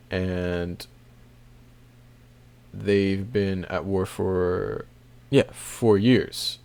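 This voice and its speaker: A man casually recapping a comic chapter, rambling with many fillers and soft laughs. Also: low-pitched. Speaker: manga recap video host.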